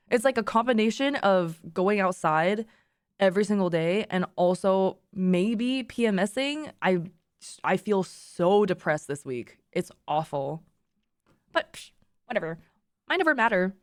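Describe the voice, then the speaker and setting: A woman's voice: mid-range voice, no echo, studio quality. A young woman streamer reading a story aloud and breaking off into laughing, swearing, rambling asides. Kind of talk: reading fanfiction aloud with reactions.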